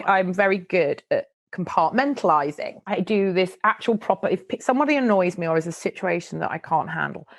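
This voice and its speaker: A middle-aged woman, telling stories as a podcast guest in an animated, chatty way. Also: lowish voice, dry recording. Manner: animated, chatty storytelling with frequent laughs. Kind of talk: casual interview chat.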